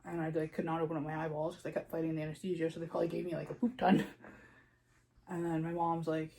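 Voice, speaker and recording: A young woman with a mellow, warm voice tells a personal story casually. She talks in a chatty way, with lots of fillers, and acts out what she said in the moment. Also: fairly low pitch, level tone, fast, gravelly, a little hiss or hum, rough recording. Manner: chatty, lots of "like", re-enacts her own panicked lines. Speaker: new mother telling her birth story.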